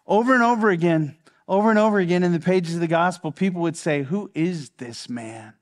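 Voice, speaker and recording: A male pastor preaching a sermon with passion. He repeats phrases for emphasis and sometimes drops to a hush. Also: sits high, steady tone, quick pace.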